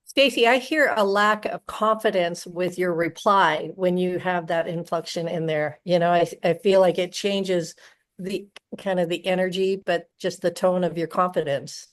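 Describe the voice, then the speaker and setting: A woman's voice: fairly low pitch, steady tone, moderate pace. A woman taking part in a casual group call, giving her view plainly. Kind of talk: casual discussion.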